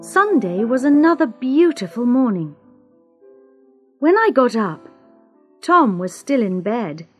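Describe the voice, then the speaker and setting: A woman reading a storybook aloud, slow and careful, giving each character a voice. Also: fairly high pitch, sing-song, soft background music. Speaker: narrator. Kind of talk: scripted storybook narration.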